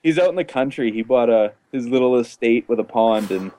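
A man hosting a podcast, telling stories in a relaxed, chatty way and laughing often. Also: mid-range voice, brisk. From Canada. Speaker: podcast host. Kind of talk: casual storytelling chat.

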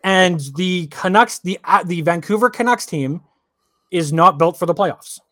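A man's voice: sits high, measured pace, a bit bright, no room sound, clean studio sound. A man co-hosting a sports podcast, talking casually and ranting with lots of repeated words. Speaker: podcast co-host.

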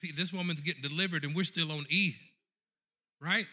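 A middle-aged man preaching a sermon, telling a story and addressing the congregation directly in an animated way. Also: on the high side, brisk.

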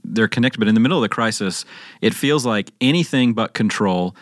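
A man's voice: lowish voice, expressive, dry recording, studio quality. A man hosting a casual podcast interview, asking follow-up questions. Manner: fast, conversational, asks follow-ups. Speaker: host.

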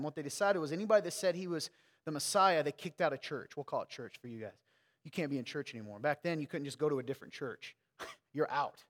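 A man preaching a casual, conversational sermon, swinging between quiet asides and loud emphatic peaks. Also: fairly high pitch, in a large hall. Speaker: pastor.

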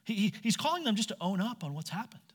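A man's voice: sits high, big pitch swings, quick pace. A man preaching a sermon, asking his listeners direct questions and acting out quoted voices. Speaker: pastor. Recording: long hall reverb.

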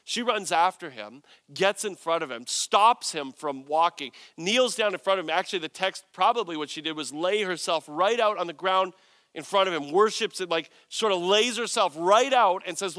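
A man preaching a sermon, retelling a scripture story with animated storytelling and voiced quotes. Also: fairly high pitch, normal speed, dry recording. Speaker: pastor.

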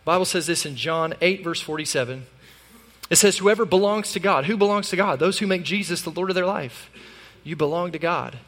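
A man preaching a sermon as pastor, conversational and animated, with sudden loud peaks. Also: sits high, a little fast, big-room sound.

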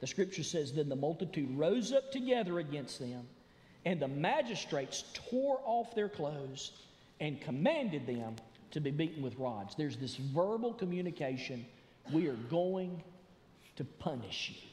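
A man preaching a sermon as pastor, animated and building to emphatic shouts. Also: a little high, normal speed. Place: church sanctuary. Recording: echoey church hall.

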